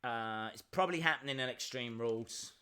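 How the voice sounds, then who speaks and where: A man's voice: medium pitch, brisk, pushed and bright, clear, resonant tone. A man hosting a live reaction stream, chatting and answering viewer questions as they come in.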